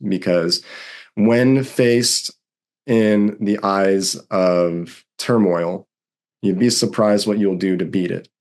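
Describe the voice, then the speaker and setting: A young man, a podcast guest, vividly retelling a personal story and acting out what others said. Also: on the low side. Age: young adult. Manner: vivid, animated retelling with acted-out quotes. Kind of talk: storytelling in a conversation.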